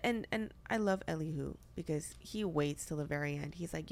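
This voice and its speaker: A young woman podcast host with a deep, creaky voice talks at a moderate pace, with a little hiss or hum in the audio. She speaks earnestly yet casually about faith, using many filler words.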